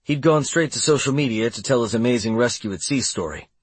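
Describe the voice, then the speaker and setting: A man's voice: medium pitch, expressive, brisk, slightly rough, dry recording. A man narrating a first-person audiobook in a wry, sardonic way.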